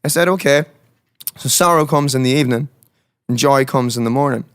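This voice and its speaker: A man's voice: medium pitch, a little fast, fairly bright tone, clear, resonant tone, no echo, clean studio sound. A man, a musician guest on a radio show, speaking earnestly and with heartfelt, preacher-like conviction. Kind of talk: casual conversational interview.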